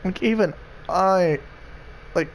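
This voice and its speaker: Slow-talking man in casual chat. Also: sits high, creaky, noisy background. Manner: slow, rambling reactions with hesitant fillers. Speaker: gamer in a friends' voice chat.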